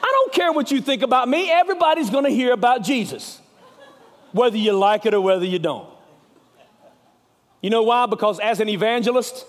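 A man preaching a sermon as an evangelist, with a Southern US accent, telling stories with passion and swinging from loud to hushed. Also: high-pitched, long reverb tail.

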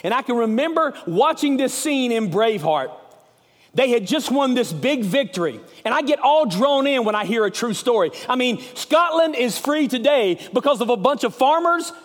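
A man preaching a sermon as an evangelist, with a Southern US accent, telling stories with passion and swinging from loud to hushed. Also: very high voice, lively intonation, normal speed, big-room sound.

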